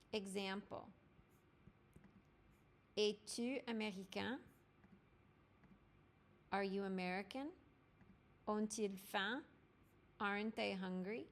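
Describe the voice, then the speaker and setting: A woman teacher narrating a language lesson, clear and deliberate, spelling out grammar formulas step by step. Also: mid-range voice. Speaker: French teacher. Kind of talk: slow instructional lesson narration.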